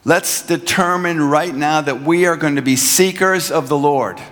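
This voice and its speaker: A pastor delivers his sermon in an earnest manner, pressing home his points with repeated lines. His voice sits a little high for a man. A long reverb from the church hall trails behind each phrase. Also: normal speed, a bit bright. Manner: earnest preaching, builds to emphatic repeated lines. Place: church sanctuary.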